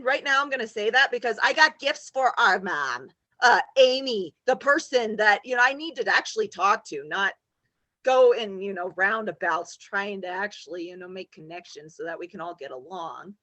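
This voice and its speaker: A woman in casual chat, excitable and swearing freely, given to sudden loud outbursts. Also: medium pitch, normal speed, no room sound.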